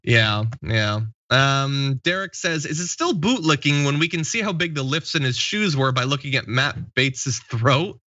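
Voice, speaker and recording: A man's voice: mid-range voice, expressive, moderate pace, few pauses, sharp tone, dry recording, highs cut off. A man in his late thirties hosting a casual live stream, reading viewer comments aloud and laughing easily. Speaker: show host.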